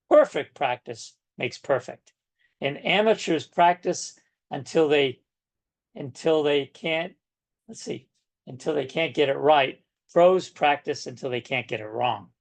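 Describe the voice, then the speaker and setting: A man in his sixties coaching real estate agents on a video call, folksy and emphatic, often checking in with "right?". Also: medium pitch. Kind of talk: coaching session talk.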